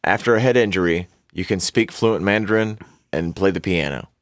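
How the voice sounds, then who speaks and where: A man with a fairly low voice rambles through a casual podcast conversation. He stops and restarts his sentences and swears freely. The sound is dry and close to the mic. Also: no echo. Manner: rambling, halting, lots of restarts and profanity. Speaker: podcast co-host. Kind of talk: casual chat.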